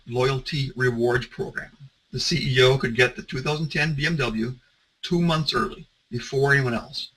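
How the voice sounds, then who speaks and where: A man's voice: mid-range voice, pushed and bright, breathy edge, rough recording. A man presenting as a security consultant, telling stories in a conversational way, with some restarts. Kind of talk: presentation talk.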